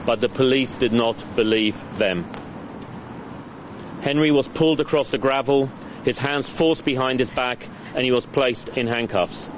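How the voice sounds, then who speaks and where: A man reads a prepared statement slowly and gravely, at a mid pitch. Traffic and street sounds run clearly behind him, as if recorded outdoors. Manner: grave, measured. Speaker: victim's parent reading a statement. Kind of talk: prepared statement read aloud. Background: clear traffic and street noise.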